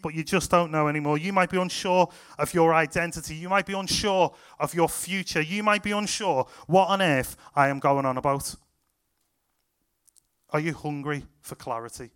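Youth pastor, young, higher-pitched, animated storyteller. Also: male voice, clear, resonant tone. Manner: excited, animated retelling with acted-out quotes. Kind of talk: sermon storytelling to a youth group.

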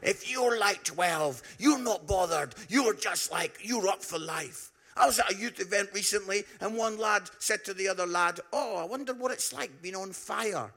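Animated Scottish preacher, high and gravelly. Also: male voice, moderate pace, hardly any pauses. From Scotland. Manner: animated, bursts into shouts and drops to hushed tones; frequent tag "yeah?" to the crowd. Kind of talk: storytelling sermon.

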